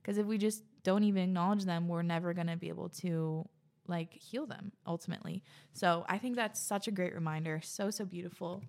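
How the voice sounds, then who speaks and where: A woman's voice: lowish voice, brisk, a little mellow. A young woman hosting a podcast, reading listener messages and reacting in a gushing, chatty way, often out of breath. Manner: gushing, chatty, many fillers. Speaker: podcast host.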